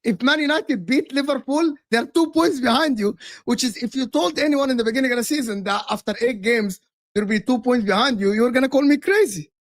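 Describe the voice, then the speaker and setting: A man's voice: extremely high pitch, fairly quick, no echo, studio quality. A man co-hosting a football chat show, mocking his friend in heated casual banter, swearing and dropping Arabic slang words.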